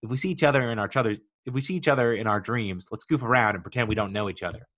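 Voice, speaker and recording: A man's voice: fairly low pitch, rapid-fire, a bit bright. Optimistic middle-aged coach with a Kansas City twang and folksy, cheerful sayings, done by a man. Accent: Kansas City Midwestern twang.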